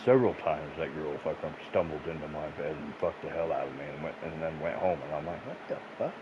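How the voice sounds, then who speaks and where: Very deep and steady, this gaming streamer's voice comes out fast. He plays and tells crude, wandering stories, cursing freely between bursts of laughter, all in a casual, profane way. The recording is muffled and lo-fi, with noise behind him.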